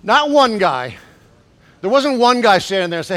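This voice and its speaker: Speaking at normal speed with big swings in pitch, a male bishop delivers a Pentecostal sermon in church. He alternates quiet asides with shouted declarations and pushes the congregation to answer each other.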